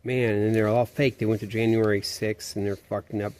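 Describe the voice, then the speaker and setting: A man's voice: on the low side, little pitch movement, a little fast, darkish tone. A man rambling through a profane, meandering, conspiratorial monologue.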